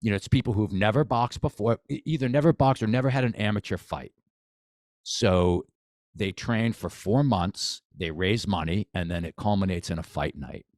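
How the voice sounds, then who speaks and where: A man with a low, deep voice talks shop as a boxing coach on a podcast. He is eager and repeats himself, circling back and restarting sentences. The sound is close and dry, with no room around it. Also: normal speed, a little mellow, dry recording. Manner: enthusiastic, repeats phrases, many restarts. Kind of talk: casual podcast conversation.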